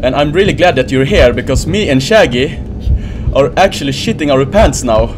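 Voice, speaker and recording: A man's voice: medium pitch, lively intonation, normal speed, background noise. A man giving nervous let's play commentary on a horror game, swearing and laughing nervously. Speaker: gamer.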